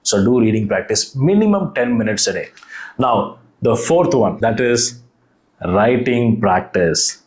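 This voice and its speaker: A young man with an Indian English accent speaks straight to his viewers in a casual lesson. His voice sits at an ordinary mid pitch. He talks earnestly and goes back over his advice, calling the listener his friend. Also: lively intonation, measured pace, a little mellow. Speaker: English learning youtuber. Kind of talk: casual spoken lesson to camera.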